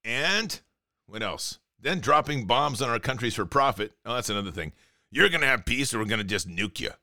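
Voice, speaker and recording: A man's voice: medium pitch, lively intonation, brisk, bright, forceful tone, dry recording, clean studio sound. A man hosting a commentary show, ranting indignantly and sarcastically while reading news items aloud.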